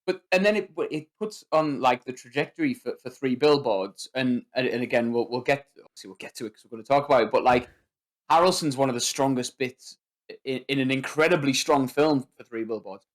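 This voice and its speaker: A man's voice: medium pitch, brisk. Chatty man acting out movie lines. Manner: animated, acts out quoted movie lines. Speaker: podcast co-host. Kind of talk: casual film discussion.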